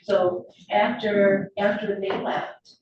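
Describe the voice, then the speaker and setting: A woman lawyer questioning a witness in court, measured and steady, saying "okay" between questions. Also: mid-range voice. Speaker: prosecutor. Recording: echoey distant courtroom audio, lo-fi, noisy.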